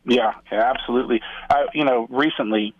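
A man's voice: medium pitch, fairly quick, no room sound. Middle-aged male radio guest, casual storyteller, voice slightly muffled and dry. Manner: storytelling, acts out quoted dialogue, many restarts. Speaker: guest on a Catholic radio show. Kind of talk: casual radio interview talk.

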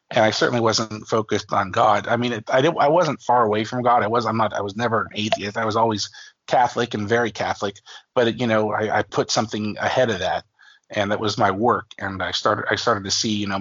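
A man in his forties speaks as an interview guest, telling a story at length and circling back with fillers and restarts. His voice sits fairly low. The recording is dull and dry, with a lo-fi quality. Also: fairly bright tone, slightly rough, dry recording. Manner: rambling, many fillers and restarts, acts out quoted family voices. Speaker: author and guest.

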